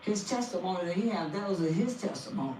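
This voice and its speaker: A woman's voice: on the low side, lively intonation, quick pace, warm tone. An older woman, a guest on a podcast, giving an emotional testimony about her family and repeating phrases like a preacher. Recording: echoey, distant, faint noise.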